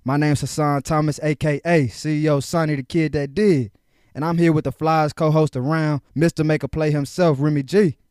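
A man's voice: on the high side, fairly even intonation, moderate pace, darkish tone, smooth, no echo, studio quality. A young man from Houston hosting a casual podcast, talking in hype, slangy, upbeat bursts. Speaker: podcast host.

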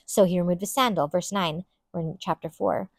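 Woman teaching from the Bible, lower voice, earnest, repeats her points, dry close sound. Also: fairly even intonation, a little fast, vocal fry, dry recording. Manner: earnest and enthusiastic, with emphatic repetition. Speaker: Bible teacher podcast host.

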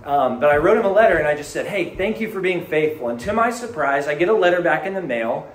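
A man preaching a sermon as a pastor, animated, dropping to hushed tones and rising to emphatic peaks. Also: fairly high pitch, fast, reverberant, rough recording.

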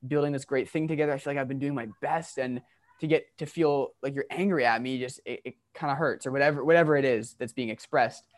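A man's voice: mid-range voice, fairly even intonation, quick pace. A man hosting a podcast, curious and enthusiastic, asking questions in loose, casual talk. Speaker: podcast host.

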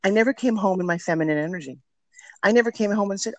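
A woman's voice: mid-range voice, fast talker, no room sound. A middle-aged woman telling candid stories as a podcast guest, talking with energy and emphasis. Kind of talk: podcast interview storytelling.

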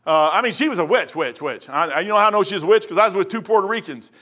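A man with a Kentucky accent preaches in a high, bright register. He tells stories in a folksy, joking, animated way, his voice swinging up and down as he goes. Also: very fast. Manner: folksy, jokey, animated storytelling. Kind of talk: storytelling sermon.

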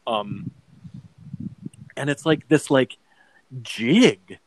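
A man's voice: medium pitch, expressive, extremely slow, dry recording, low-quality recording. A man co-hosting a casual podcast chat, rambling with lots of fillers and acting out quoted lines. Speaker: podcast co-host. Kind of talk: casual chat about a TV adaptation.

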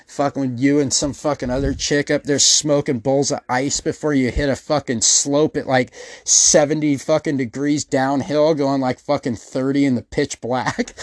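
The recording is studio quality with no echo, capturing a man's mid-range voice. As a podcast host, he tells profane, rambling comic stories, swearing nonstop and acting out the people he quotes.

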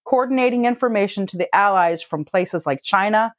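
Woman, mid pitch, dry close recording, matter-of-fact delivery. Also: brisk, no room sound. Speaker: co-host presenting facts. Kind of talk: casual comedic chat, reading out facts.

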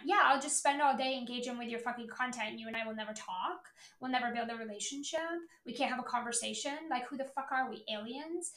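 A woman's voice: sits high, fast, hardly any pauses, pushed and bright, roomy sound. A woman in her thirties hosting a business podcast, talking bluntly and profanely with impatient emphasis. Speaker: podcast host, business owner. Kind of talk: blunt motivational podcast monologue.

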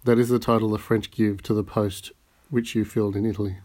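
A guy reading a calm, polite rich count, low voice, measured and in control. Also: natural voice. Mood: composed. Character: composed, courteous wealthy nobleman, male.

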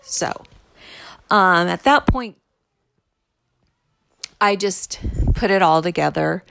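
A woman's voice: lowish voice, expressive, takes it slowly, creaky, fairly bright tone, clean tone, dry recording. A middle-aged woman telling the story of her ex-husband's affairs in a candid, exasperated way, acting out what people said to her. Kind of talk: casual personal storytelling.

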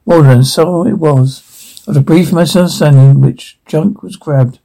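A man speaking TV drama dialogue in a weary, gruff way, with a gravelly, husky voice. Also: fairly high pitch, measured pace, dark tone.

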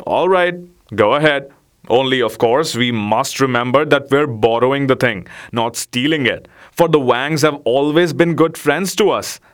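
A man's voice: medium pitch, moderate pace, clean tone, close to an everyday voice. A man voicing a crafty woman who talks herself into borrowing a treasure, in a storybook reading. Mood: sly. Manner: sly, self-justifying. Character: crafty scheming woman neighbor.

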